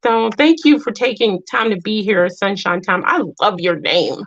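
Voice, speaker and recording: A woman's voice: medium pitch, lively intonation, normal speed, hardly any pauses, a bit bright, no echo, highs cut off. A woman in her thirties, a single mom, hosting a casual livestream and talking earnestly to her viewers. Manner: earnest, talks to chat as "y'all". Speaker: livestream host.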